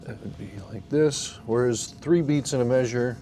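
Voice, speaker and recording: A man's voice: medium pitch, moderate pace, dark tone. Man teaching a church singing class. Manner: patient, explains step by step, asks the class questions. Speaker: song leading teacher. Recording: faint background noise.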